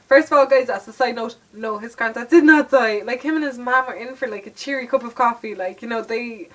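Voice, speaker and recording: A woman's voice: a little high, fast talker, hardly any pauses, fairly bright tone. Chatty Irish young woman, a little distant. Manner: chatty, laughing, lots of fillers. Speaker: vlogger. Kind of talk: casual storytelling to camera.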